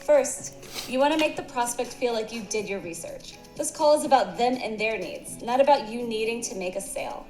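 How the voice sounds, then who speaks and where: A woman's voice: on the high side, fairly quick, a little mellow. Upbeat corporate narrator woman, echoey with music. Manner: polished, upbeat, instructional. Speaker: narrator of a corporate training video.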